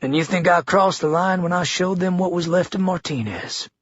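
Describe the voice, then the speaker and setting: A man voicing a menacing one-armed male town leader with a gravelly Georgia twang and exaggerated, theatrical enunciation, pitched higher and louder than his own husky voice. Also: moderate pace, no echo, dull audio. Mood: sardonic, menacing.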